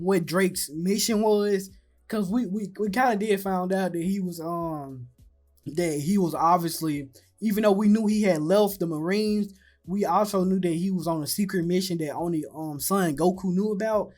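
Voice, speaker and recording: A man's voice: high-pitched, darkish tone. A man hosting his own channel, chatting casually with frequent ums, restarts and stutters. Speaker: anime channel host. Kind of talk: casual commentary.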